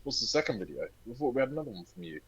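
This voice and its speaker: A man's voice: medium pitch, very fast, slightly rough, no room sound, low-quality recording. A young man co-hosting a podcast, telling stories with lots of energy and plenty of swearing. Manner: animated storyteller, swears freely. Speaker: podcast co-host. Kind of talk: casual chat.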